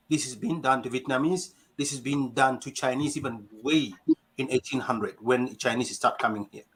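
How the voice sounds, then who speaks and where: A man's voice: a little high, a bit bright, slightly rough, rough recording. A man from South Sudan speaking passionately in an online community discussion, asking rhetorical questions and restarting phrases. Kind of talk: passionate audio-room speech.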